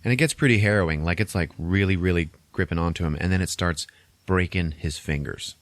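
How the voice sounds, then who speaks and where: A man casually recapping a film's plot on a podcast, loose and wry, swearing and tossing in quick mock voices for the characters. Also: sits low, no room sound. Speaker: podcast host recapping a film. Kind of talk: casual chat.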